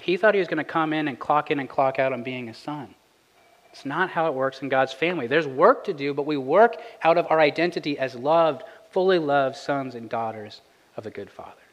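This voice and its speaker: A man in his thirties preaching a sermon as pastor, conversational and earnest, rising in pitch for emphasis. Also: long reverb tail, rough recording. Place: church sanctuary.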